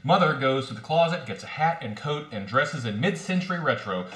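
A man's voice: mid-range voice, animated, a little fast, fairly bright tone. A man hosting a podcast play reading, hesitant with fillers, reading stage directions. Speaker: podcast host. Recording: echoey room.

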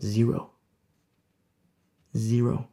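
A man delivers a sermon in a gravelly voice of middling pitch. He presses his points with rhetorical questions, rising to loud emphasis and then dropping to a hush. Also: little pitch movement, very slow. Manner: swings between loud and hushed. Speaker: preacher.

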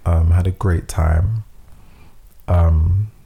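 Young man, podcast co-host: low, gravelly, lively and sweary storyteller. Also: drawn-out words. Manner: lively, laughs often, swears freely. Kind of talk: casual storytelling chat.

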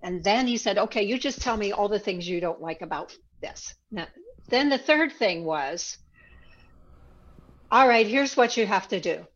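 A woman recounts her own past in an interview, in a reflective voice that turns animated when she repeats old conversations. Her pitch sits in the middle range. The recording sounds a little dull and lo-fi. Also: moderate pace. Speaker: interview guest. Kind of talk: personal storytelling in an interview.

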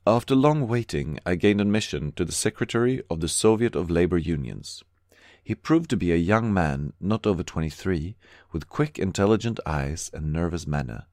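A man reading a historical memoir aloud in a steady, measured narration. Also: low-pitched, dry recording, studio quality. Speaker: audiobook reader. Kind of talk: scripted narration.

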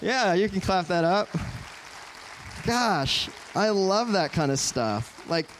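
A man in his twenties giving an animated, joking storytelling talk to an audience in a large auditorium. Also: high voice, a little hiss or hum. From Southern California. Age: 20s. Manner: animated, joking, quick asides. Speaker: guest speaker.

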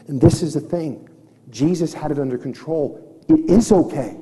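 A man's voice: a little high, normal speed, crowd noise. A man preaching a sermon as a pastor, emphatic and repeating his key phrases, who mixes teaching points with stories about his family. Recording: echoey hall reverb.

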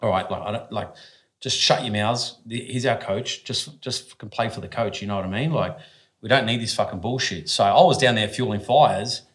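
A lower-voiced Australian man in his forties tells stories as a guest on a talk podcast. He speaks bluntly and casually, swears without hesitation, and often stops and restarts his sentences. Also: a little fast. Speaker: guest, former professional athlete.

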